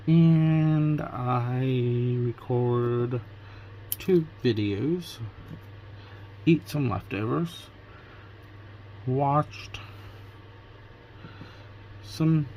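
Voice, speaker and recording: A man's voice: mid-range voice, extremely slow, long pauses, dark tone, highs cut off, a little hiss or hum. A man vlogging casually from Pennsylvania, retelling his day through quoted back-and-forth conversations. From Pennsylvania, USA. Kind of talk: casual storytelling vlog.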